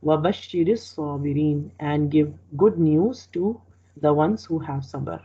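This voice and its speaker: A woman with a low, mellow, slightly husky voice gives a word-by-word translation lesson. She explains slowly, repeating phrases and correcting herself as she goes. The sound is dull and lo-fi. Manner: slow, explanatory, repeats each phrase with restarts. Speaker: Quran teacher. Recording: dull lo-fi recording.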